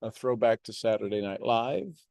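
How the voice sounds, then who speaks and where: A man's voice: fairly low pitch, moderate pace, creaky, a little mellow, dry recording, clean studio sound. A man giving a motivational monologue on a live stream, preaching with repeated rhetorical questions.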